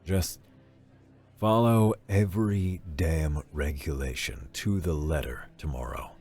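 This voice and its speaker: A man doing a gruff, world-weary old welder. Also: slow pace, a little mellow, soft background music, full character voice. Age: 50s. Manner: gruff, low, muttering advice. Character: gruff older male human welder, blunt, world-weary.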